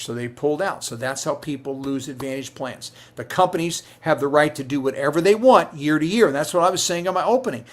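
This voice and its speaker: A man's voice: fairly high pitch, quick pace, few pauses. A middle-aged man who works as a Medicare insurance agent, answering viewer questions on a live stream in a conversational way, with many fillers and restarts.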